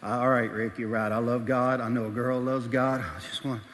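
A man's voice: medium pitch, fairly even intonation, normal speed, fairly bright tone, in a large hall, a little hiss or hum, pitched below the performer's own voice, natural voice. A man doing a shy young country boy, drawling. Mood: bashful. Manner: drawling, repeats "now" over and over.

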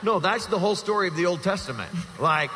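A man performing a teasing, animated live comedy skit, recorded in an echoey hall. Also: high-pitched, quick pace. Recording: echoey hall, faint noise.

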